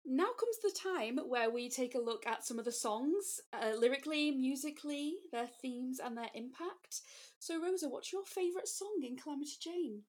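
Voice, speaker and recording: A woman with a somewhat higher voice co-hosts a casual podcast. She moves the talk on to the next segment and giggles along with the others. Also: animated, normal speed, a little mellow. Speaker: podcast co-host. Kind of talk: casual chat.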